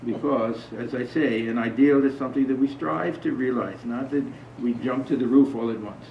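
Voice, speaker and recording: A gravelly, medium-pitched man talks at a moderate pace with a little hiss or hum behind him. He addresses a small gathering informally on spiritual matters, telling stories and posing questions to listeners. The sound is roomy, distant and dull.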